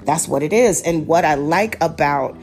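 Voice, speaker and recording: A woman's voice: deep voice, normal speed, a little mellow, faint music behind. A woman podcast host from Baltimore chatting casually about a TV series, rambling with restarts and fillers. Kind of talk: casual TV review chat.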